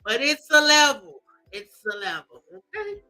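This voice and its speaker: Sassy woman reacting to celeb posts, high voice, mock crying, faint music under it. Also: measured pace, rough recording. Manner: animated, sassy, mock-crying, drawling asides. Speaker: commentary host.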